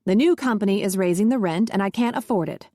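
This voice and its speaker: A woman's voice: medium pitch, fast, mellow, no echo, clean studio sound, close to an everyday voice. A woman voicing a demanding, self-pitying middle-aged mother who is exasperated with her son. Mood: pushy exasperated. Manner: exasperated and pushy.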